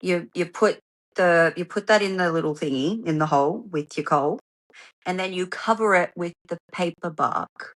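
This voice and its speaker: A woman who is a podcast guest, chatting casually and explaining things in a lively, playful way. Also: on the low side, normal speed, rough recording. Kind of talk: casual chat.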